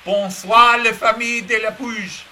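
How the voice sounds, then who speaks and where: Bright-voiced man, rambling. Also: high-pitched, steady tone, measured pace, a little hiss or hum, low-quality recording. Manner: rambling and meandering, dejected and self-critical. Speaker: model train hobbyist streaming to viewers. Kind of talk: casual live-stream chat.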